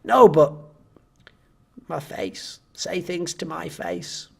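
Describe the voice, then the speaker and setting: Whiny young male gamer, childish, high and hushed, husky , as a man puts him on. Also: slow pace, heavily acted. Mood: whining. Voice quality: high, quiet and whining.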